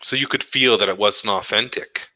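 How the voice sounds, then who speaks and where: Male podcast co-host, middle-aged, lowish pitch, very bright tone, lively storyteller. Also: normal speed, dry recording, rough recording. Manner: animated storytelling, acts out quoted dialogue. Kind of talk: casual chat.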